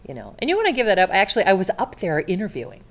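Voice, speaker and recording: A woman in her forties, a longtime television host, chatting as a guest and telling stories in a lively way, acting out the people she quotes. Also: mid-range voice, rapid-fire, creaky. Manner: animated storyteller, acts out quotes. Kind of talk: casual chat.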